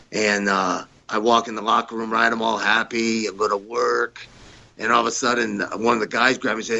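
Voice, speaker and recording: Bright-voiced man telling animated stories. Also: fairly low pitch, muffled recording. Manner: animated storyteller who acts out the quoted voices. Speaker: podcast guest, retired wrestler. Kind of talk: storytelling in an interview.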